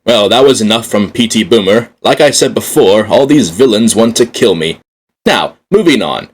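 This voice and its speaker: A man's voice: on the low side, animated, moderate pace, slightly rough. A man hosting a scripted fan talk show with an upbeat announcer manner.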